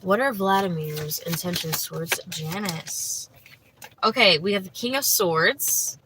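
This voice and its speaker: Against a noisy background, a woman with a fairly low voice takes her time as she gives a livestream tarot reading. She's chatty and laughs easily, speaks to her viewers by name, and uses many fillers like "like" and "you know."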